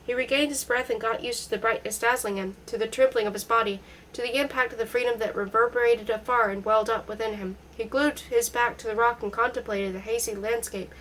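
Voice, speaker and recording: A woman narrating a literary novel in a measured, steady audiobook style. Her voice sits slightly higher than most, and a faint hiss of background noise runs under the reading. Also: low-quality recording. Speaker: audiobook reader.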